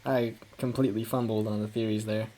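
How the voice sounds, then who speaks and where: A man's voice: lowish voice, level tone, a little fast, mellow. Man musing over a game, hesitant. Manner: rambling, hesitant, thinking aloud with many fillers. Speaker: gaming video creator. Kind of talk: casual let's-play commentary.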